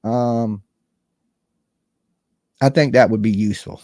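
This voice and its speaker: A man's voice: on the low side, slow pace, warm tone, dry recording, clean studio sound. A man, hosting a true crime channel and chatting bluntly and casually, with plenty of swearing. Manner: blunt, profane, conversational, reads chat comments aloud. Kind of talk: casual livestream chat.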